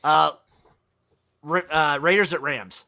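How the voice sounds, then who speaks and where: A man co-hosting a podcast, briskly running through football matchups and picks in casual chat. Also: on the high side, gravelly, bright, forceful tone. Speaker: podcast co-host.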